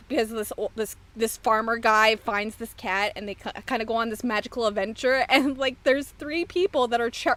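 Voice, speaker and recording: A woman hosts a casual podcast chat, rambling through her thoughts and laughing easily. Her voice sits a bit high for a woman. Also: fairly bright tone. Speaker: podcast host.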